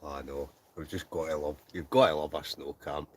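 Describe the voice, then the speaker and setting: A Scottish man with a low, deep voice chats easily through a livestream, reading out comments and laughing as he goes. He speaks from inside a tent, relaxed and talkative. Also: normal speed, slightly rough. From Scotland. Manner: chatty, laughs often, reads viewer comments aloud. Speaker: livestream host. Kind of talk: casual live chat reading comments.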